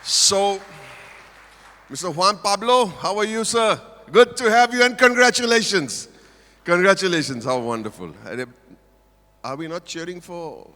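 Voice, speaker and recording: Playful older man, Indian English, bright. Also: high-pitched, expressive, measured pace, slight background noise. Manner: playful, teasing the audience. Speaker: motivational speaker at a corporate event. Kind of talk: humorous stage speech. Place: large auditorium stage. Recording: reverberant auditorium.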